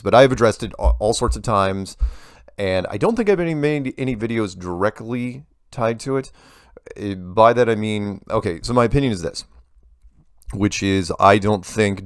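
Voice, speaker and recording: Guy reading out emails and rambling his answers, deep gravelly voice, dry close sound. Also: no echo. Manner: rambling, self-interrupting, restarts sentences. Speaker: host answering viewer emails. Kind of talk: casual Q&A monologue.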